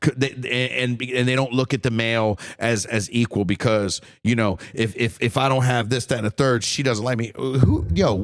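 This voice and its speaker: A man in his forties from the United States, hosting a solo podcast in a blunt, heated rant full of swearing and repeated words. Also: mid-range voice. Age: 40s. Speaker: podcast host.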